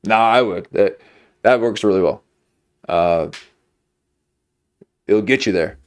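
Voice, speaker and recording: A man's voice: on the low side, takes it slowly. A man streaming, chatting casually in a rambling, jokey way. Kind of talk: casual chat.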